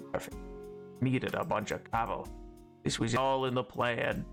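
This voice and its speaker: A man's voice: fairly high pitch, sharp tone. A young man streaming a game, chatting casually and rambling, reading chat aloud with playful indignation.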